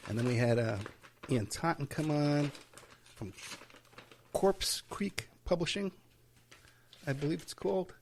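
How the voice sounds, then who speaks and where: A man's voice: fairly high pitch, lively intonation, unhurried, vocal fry, pauses often, a little hiss or hum. A man hosting his own podcast, rambling casually from home, tired, breaking off mid-sentence and chuckling to himself. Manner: rambling, self-interrupting, with chuckles. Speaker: podcast host. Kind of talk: casual solo podcast monologue. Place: at home while packing.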